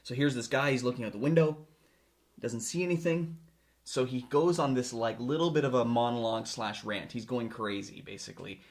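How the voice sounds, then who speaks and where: A man's voice: mid-range voice, fairly quick. A man hosting a podcast, walking his co-creators through a film scene step by step in a casual chat. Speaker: filmmaker host. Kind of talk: casual story pitch.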